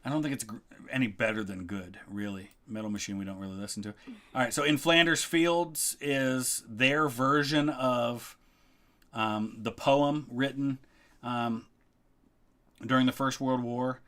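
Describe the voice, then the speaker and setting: A middle-aged man chatting casually as a history video host, relaxed and thinking aloud with frequent ums. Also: medium pitch. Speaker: history YouTuber, guest co-host. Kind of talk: casual ranking chat.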